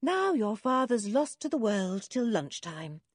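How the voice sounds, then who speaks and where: A woman voicing a kindly middle-aged mother in a storybook reading, affectionate and gently scolding. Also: fairly high pitch, sing-song, a little slow, dry recording, clean studio sound, pitched above the performer's own voice. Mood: fond.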